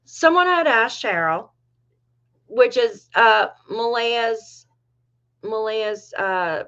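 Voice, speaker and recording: A woman's voice: on the high side, expressive, drawn-out words, a bit bright, highs cut off. A middle-aged woman from New York hosting a casual livestream, chatting with viewers and reading their comments aloud. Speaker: livestream host.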